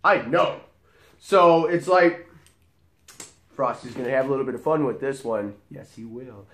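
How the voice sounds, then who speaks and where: A man's voice: mid-range voice, a little slow, fairly bright tone, roomy sound. A man who works as a bar bouncer, telling a story in a profane, dramatic way and acting out the dialogue. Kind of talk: storytelling vlog.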